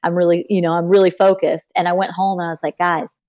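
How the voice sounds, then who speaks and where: Animated young woman telling stories. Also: quick pace. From Texas. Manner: animated, acts out quoted people with big pitch jumps. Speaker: podcast guest. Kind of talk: casual storytelling in an interview.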